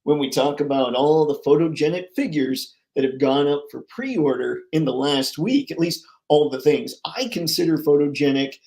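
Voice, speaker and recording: An upbeat man with a slightly high voice hosts a casual live stream and chats with viewers. His talk is jokey and chatty. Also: normal speed, vocal fry, few pauses, darkish tone. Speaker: host of a toy collecting live stream.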